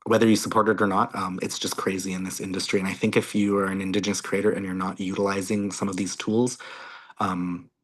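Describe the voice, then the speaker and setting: A Canadian male content creator appears as a guest on a video call, chatting casually and excitedly and peppering his speech with "like" and "you guys." His voice is low-pitched and his pace quick.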